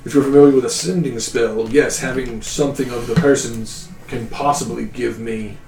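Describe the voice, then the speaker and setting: Stiff formal wizard professor, voiced by a game master, gravelly, echoey room, faint music. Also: male voice, medium pitch, steady tone, normal speed, a little mellow, natural voice. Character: fussy, busy male wizard professor.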